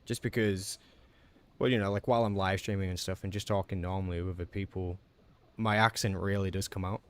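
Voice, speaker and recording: A man live-streaming a video game, chatting casually with viewers and reacting out loud as he plays, talking quickly. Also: sits low, smooth. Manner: talks quickly in a relaxed, chatty way.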